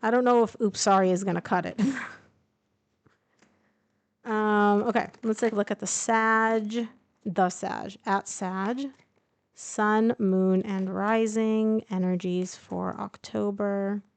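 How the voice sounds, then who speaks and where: A woman's voice: mid-range voice, steady tone, takes it slowly, no echo. A woman casually reading tarot cards to camera, chatting and thinking aloud with fillers and asides. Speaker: tarot reader. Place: indoors, traveling.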